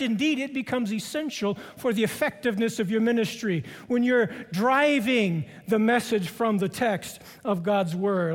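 A middle-aged man preaching a sermon, slowly repeating key phrases for emphasis. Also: very high voice. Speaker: preaching professor. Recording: long reverb of a large hall.

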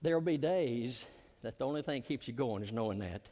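A man preaching a sermon as a pastor, swinging his voice up for emphasis and dropping it low and slow at the ends of phrases. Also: expressive, dark tone. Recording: long hall reverb.

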